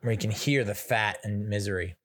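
A man's voice: fairly low pitch, a little fast, fairly bright tone. An American man hosting a casual solo podcast, telling stories in a chatty, self-mocking way. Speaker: podcast host.

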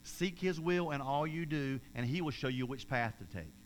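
A man, preaching a sermon in an energetic, emphatic way, with repeated phrases and restarts. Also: medium pitch, moderate pace, a little hiss or hum.

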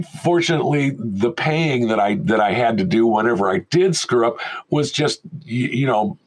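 An older man recounts his early career in a husky, breathy voice at a middle pitch. He is a lively storyteller who slips into other people's voices as he goes. His delivery is casual and conversational, as if he is talking with an interviewer. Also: low-quality recording. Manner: animated storyteller who acts out quoted voices. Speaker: guest, veteran film sound mixer.

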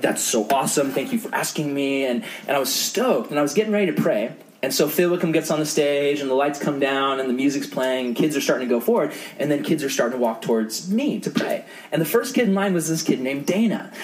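Lively, casual young male youth preacher. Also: a little high. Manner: casual, storytelling, lots of fillers. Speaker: youth pastor. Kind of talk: youth sermon.

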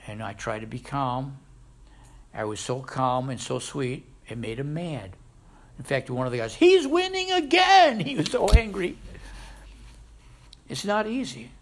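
A man preaching a sermon as a pastor, with sudden loud rises and soft drops. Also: medium pitch, slightly rough.

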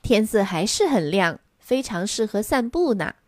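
A woman reading a children's story aloud in two languages, expressive and lively. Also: medium pitch, normal speed, no echo, studio quality.

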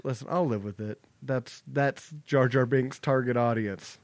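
A young man co-hosting a podcast in easy chat, medium-pitched. He jokes and laughs a lot and slips into the voices of people he quotes. The sound is close and dry, with no room echo. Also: moderate pace. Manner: jokey, laughs often, acts out quotes. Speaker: podcast co-host. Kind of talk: casual chat.

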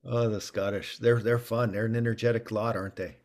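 A man chatting casually as a guest, relaxed and agreeable. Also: on the low side, fairly quick. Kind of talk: casual chat.

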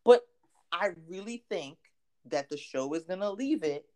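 A woman with a low voice chats casually about a show she loves. Her pitch swings widely as she talks, animated and quick to laugh. It is loose, friendly talk between hosts. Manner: animated, chatty, laughs often. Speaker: podcast co-host.

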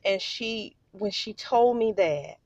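A woman's voice: mid-range voice, lively intonation, slow, a little mellow, no room sound, muffled recording. Emotional woman telling a personal story. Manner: heartfelt, addresses listeners as you guys. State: holding back tears. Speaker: podcast host.

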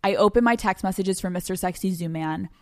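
A woman's voice: lowish voice, no echo, studio quality. Dramatic, profane woman podcaster. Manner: profane, dramatic, fast bursts with laughs. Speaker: podcast host. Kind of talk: storytelling monologue.

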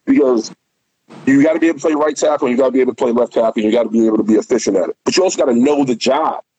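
A man's voice: mid-range voice, rapid-fire, dark tone, husky, no echo, rough recording. A man who is a former pro football player, telling candid, profane stories in a casual interview. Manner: candid, profane, loose storytelling.

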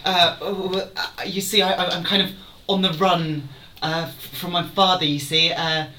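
A man's voice: high voice, fairly even intonation, measured pace, reverberant, noisy background. A man voicing a timid young royal bastard on the run, stammering nervously.

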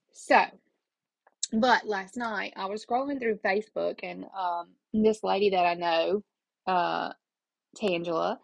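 A woman's voice: mid-range voice, gravelly, dry recording, low-quality recording. A middle-aged woman, talking casually and emotionally as a podcast host, rambling from one thought to the next. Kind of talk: casual personal talk.

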